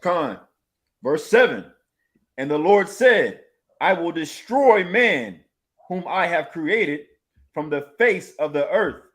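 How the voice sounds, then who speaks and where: A man reading scripture aloud in a slow, halting way. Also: fairly high pitch, expressive, fairly bright tone. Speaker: scripture reader.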